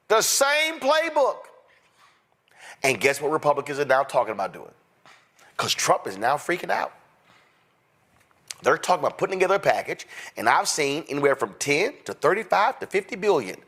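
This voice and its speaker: A man's voice: high-pitched, big pitch swings, moderate pace, pauses often, sharp tone. A man hosting a political commentary show, talking in a fiery, sarcastic way with mocking asides. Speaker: host.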